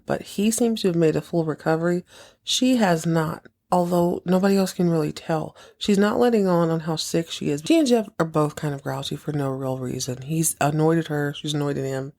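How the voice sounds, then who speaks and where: A woman recaps a TV episode in loose, sarcastic chat and slips into quick acted quotes. Her voice sits a little low and sounds mellow and dark. She is a bit under the weather. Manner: sarcastic, chatty, acts out quotes. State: sick, taking cough medicine. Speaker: podcast host recapping a TV episode.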